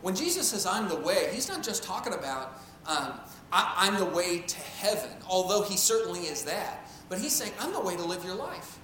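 A man's voice: high voice, sing-song, moderate pace, few pauses, a bit bright. A man giving a conversational Bible teaching to a live group, often checking in with his listeners. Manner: chatty, keeps checking in with the audience. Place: room with a live audience. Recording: roomy echo with faint hum.

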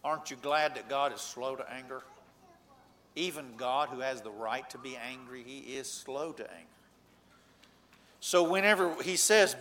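Man, preacher, sermon, bright voice, earnest, swings loud and soft. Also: unhurried, long pauses. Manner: earnest, rising to emphatic points then dropping low.

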